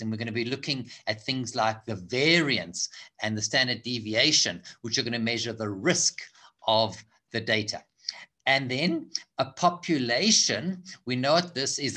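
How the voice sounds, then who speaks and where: Bright-voiced man teaching finance. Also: mid-range voice. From South Africa. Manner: explanatory, repeats and restarts phrases. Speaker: finance tutor. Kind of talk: recorded lecture over slides.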